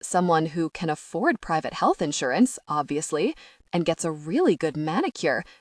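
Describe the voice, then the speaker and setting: A British woman reading an audiobook in the first person, expressive and wry. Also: deep voice, moderate pace, no room sound, clean studio sound. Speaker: audiobook narrator.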